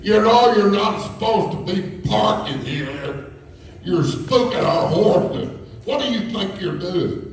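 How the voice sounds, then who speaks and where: Guy doing a high-pitched bossy horse lady, fake yankee twang, echoey hall from way back. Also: animated, fast, mellow, distant mic, slight background noise, natural voice. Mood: scolding. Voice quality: clipped northern "Yankee" accent, put on. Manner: indignant, scolding. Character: bossy woman rider scolding a parked driver.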